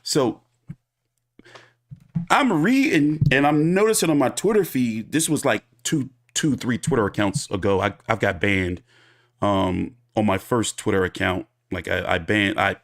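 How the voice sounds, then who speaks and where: A man's voice: on the low side, a little slow. A man hosting a boxing commentary show, telling a story in a casual, profane monologue and acting out the people he quotes. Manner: animated, profane, acts out quoted people in his retelling.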